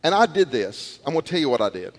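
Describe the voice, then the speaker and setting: Middle-aged man, pastor, animated sermon storyteller, somewhat high voice, echoing church hall. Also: fast talker. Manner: animated storytelling, repeats words, acts out quotes. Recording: long hall reverb.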